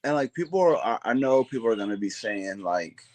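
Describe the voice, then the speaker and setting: A man's voice: lowish voice, animated, fairly quick, darkish tone, dry recording. A man co-hosting a casual sports chat, hyped and rambling, calling people bro and dude.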